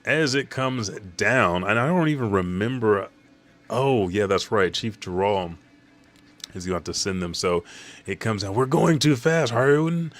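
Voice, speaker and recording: A man with a deep voice recapping a comic chapter in a loose, rambling way. He swears freely and backtracks as he goes. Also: unhurried, a bit bright, soft background music. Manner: casual, profane, rambling. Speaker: manga chapter reviewer.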